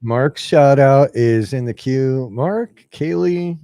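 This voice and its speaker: A man's voice: mid-range voice, takes it slowly, dark tone, no echo, studio quality. A man co-hosting a live stream, laid-back and teasing, swearing casually. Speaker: co-host.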